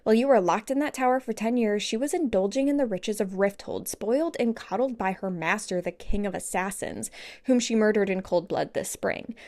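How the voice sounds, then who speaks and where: A woman voicing a cold, scornful male immortal warrior, reading his lines from a book in a low, quiet, cutting tone. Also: fairly quick, lightly acted. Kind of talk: read-aloud book passage.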